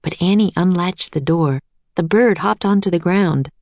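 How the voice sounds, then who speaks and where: A woman reads a children's storybook aloud in an even, steady narration. Her voice has a noticeable gravelly fry. The recording is dry and close. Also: fairly low pitch, normal speed, no echo.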